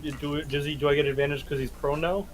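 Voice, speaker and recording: Man, tabletop player, fairly high voice, eager, narrates his own moves. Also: steady tone, fast talker, over a noisy crowd, low-quality recording. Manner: eager, talks through his moves and dice rolls. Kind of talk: playing a tabletop game on a livestream.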